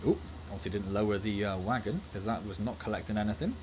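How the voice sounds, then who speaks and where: A man's voice: fairly low pitch, fast talker. Man, game streamer, casual chat, jokey, laughs easily, faint noise behind. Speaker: gaming streamer. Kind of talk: casual livestream gameplay chat.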